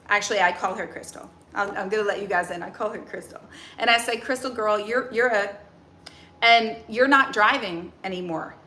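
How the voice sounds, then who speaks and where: A woman in her forties, a nutrition and mindset coach, talking casually to camera in a chatty, animated way. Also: mid-range voice, echoey room. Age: 40s. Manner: chatty and animated, acts out inner voices. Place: outdoors near a tree.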